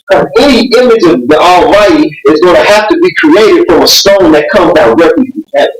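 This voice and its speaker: A woman preacher giving a sermon in an impassioned, conversational way, her voice breaking into near-shouts. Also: mid-range voice, moderate pace, hardly any pauses. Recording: roomy sound from a distant mic.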